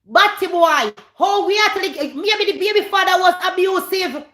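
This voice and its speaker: A Jamaican woman with a high, bright voice rants through a gossip commentary vlog, hammering her points by repeating them. She drifts between English and Patois. The sound is roomy and echoey. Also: normal speed, hardly any pauses. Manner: emphatic, repeats phrases, slips into Patois. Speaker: vlogger host.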